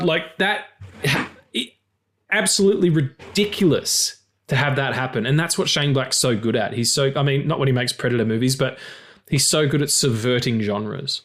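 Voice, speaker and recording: A man co-hosting a film podcast in casual chat, animated, swearing often and laughing loudly. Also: mid-range voice, moderate pace. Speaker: podcast co-host.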